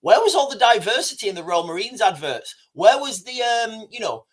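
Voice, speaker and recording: Man, high pitch, casual livestream commentary, rambling, talks to chat. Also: sing-song, fairly quick, breathy edge. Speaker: livestream host.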